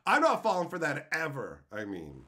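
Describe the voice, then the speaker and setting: A man's voice: on the high side, wildly swooping pitch, normal speed, pushed and bright. A man in his thirties hosting a live stream, ranting at his chat with crude, mock-angry banter. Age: 30s. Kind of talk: live stream chat while opening card packs.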